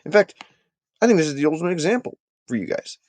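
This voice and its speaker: A man hosting a casual live sports talk stream, chatting with his viewers and making animated, emphatic points. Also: fairly high pitch, fast talker, dry recording.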